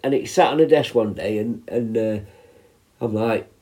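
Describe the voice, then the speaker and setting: A man in his fifties who works in prison healthcare tells stories casually in a lowish, mellow voice at normal speed. He rambles and swears, restarting often.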